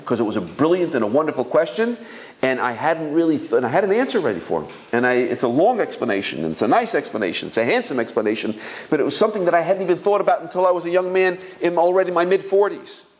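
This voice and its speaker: A man's voice: on the high side, quick pace. A man in his fifties, a rabbi giving a Torah talk, telling stories with lots of restarts and acting out the voices. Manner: animated storyteller, acts out voices, many restarts.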